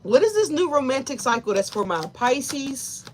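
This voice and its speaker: A woman's voice: high voice, very animated, normal speed, a little hiss or hum. A woman giving a live tarot reading, talking straight to her viewers and chat, emotional and tearful at times. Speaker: tarot reader.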